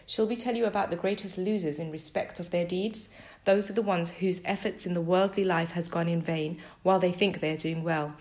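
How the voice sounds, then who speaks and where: Low-voiced woman reading scripture. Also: a little mellow. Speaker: scripture reader. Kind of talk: read-aloud scripture translation.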